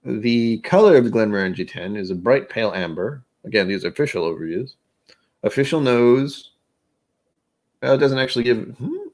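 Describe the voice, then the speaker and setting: A man with a fairly low voice hosts a relaxed livestream. He talks casually and rambles, restarting sentences and poking fun at himself. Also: fast, hardly any pauses. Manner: rambling, self-deprecating, with frequent restarts. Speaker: host of a whisky livestream.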